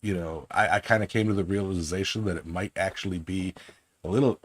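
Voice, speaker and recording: Deep-voiced man in rambling podcast chat. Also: steady tone, a little fast. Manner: rambling, joking, with many restarts and fillers. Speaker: podcast co-host.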